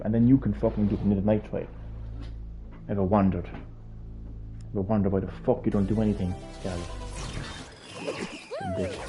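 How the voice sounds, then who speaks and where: A man's voice: fairly low pitch, warm tone, muffled recording. A man streaming a video game, chatting casually, ranting and swearing in a mock-outraged way. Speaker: gaming streamer. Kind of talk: casual live-stream chat. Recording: game music faint behind.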